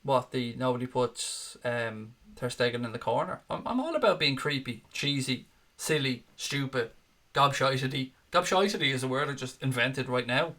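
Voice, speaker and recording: A man's voice: medium pitch, expressive, moderate pace, sharp tone. A man hosting a casual fan chat show, reading viewer comments with sarcastic, sweary jokes.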